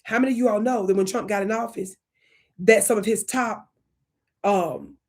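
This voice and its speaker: Husky-voiced woman hosting a livestream. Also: medium pitch, normal speed. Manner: animated, talks to live chat, drops into whispers. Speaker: livestream host. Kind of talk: casual livestream commentary.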